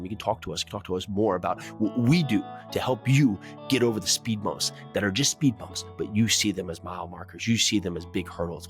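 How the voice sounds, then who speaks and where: A man hosting a podcast, delivering an emphatic motivational monologue built on repeated rallying phrases. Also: lowish voice. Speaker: podcast host.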